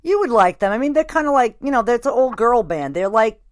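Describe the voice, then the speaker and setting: A woman's voice: on the high side, animated, a little fast, dry recording. Rambling woman podcast host, dry sound. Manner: rambling, heavy on fillers like "like" and "you know". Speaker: podcast host interviewing a band. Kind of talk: casual interview chat.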